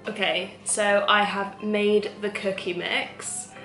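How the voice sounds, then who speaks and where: A young woman with a London accent, chatting casually to camera in a cooking vlog, animated and full of quick asides. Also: mid-range voice, over loud music. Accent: London English. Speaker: vlogger.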